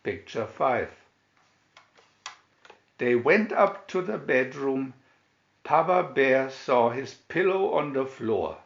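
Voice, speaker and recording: A man reading a fairy tale aloud from a picture booklet, expressive storytelling with announced picture numbers. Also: medium pitch, slow, creaky, pauses often, reverberant, muffled recording. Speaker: storybook reader. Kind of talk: slow read-aloud fairy tale narration.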